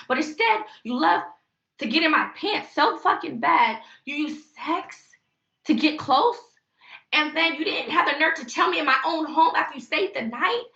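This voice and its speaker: A woman's voice: sits high, creaky, bright, forceful tone, echoey room, muffled recording. A woman venting on a live stream in a heated, rambling way. She swears often and talks straight to her viewers. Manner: heated, rambling and profane, addressing viewers as y'all. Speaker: livestreamer.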